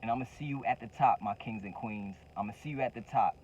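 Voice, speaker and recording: A man's voice: mid-range voice, fast talker, a little mellow, a little hiss or hum, poor audio. A man hosting his own channel, giving a motivational talk to the camera with fervent repetition of key phrases and casual slang. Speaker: entrepreneur coach and channel host.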